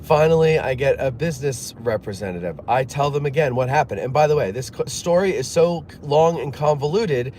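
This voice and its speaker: A man recounts a frustrating ordeal in a loose, rambling monologue, full of restarts and weary sighs. He slips into quick impressions of the people he dealt with, then drops back to his own tired, middle-pitched voice. A faint hum of background noise sits under him. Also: lively intonation, a little mellow. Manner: rambling, exasperated, acts out others' lines in quick quotes; frequent fillers and restarts, sighs. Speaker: show host telling a personal story. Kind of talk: casual monologue storytelling.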